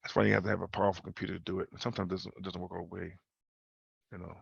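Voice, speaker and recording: A man's voice: low voice, flat delivery, rapid-fire, gravelly, breathy edge, dry recording. A man hosting a casual trading talk over a video call, loose and slangy, repeating himself and tagging questions onto his points. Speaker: host. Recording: muffled video call audio.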